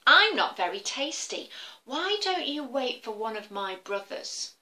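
A woman voicing a small young billy goat in a children's storybook, high and pleading. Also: sing-song, a little slow, bright, forceful tone, heavily acted.

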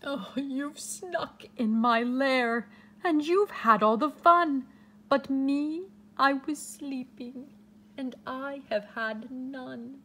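A woman's voice: sits high, takes it slowly, bright, forceful tone, voice pushed up, exaggerated voice. A woman voicing a sad, sulky bear who missed the party, in a whiny, pleading read-aloud.

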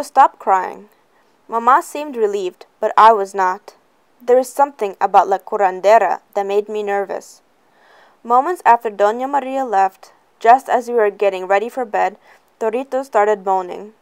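A woman reading a first-person novel aloud in a plain, even way. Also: mid-range voice, normal speed, clear, resonant tone. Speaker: reader.

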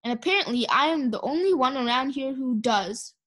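A woman's voice: sits high, expressive, brisk, fairly bright tone. A woman doing a stern, bossy old lady. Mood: haughty. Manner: disapproving, imperious.

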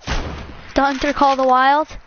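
A woman giving casual, excitable commentary while playing a hunting game, repeating words as she talks. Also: sits high, measured pace, a little hiss or hum. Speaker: gaming channel host. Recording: muffled lo-fi sound.

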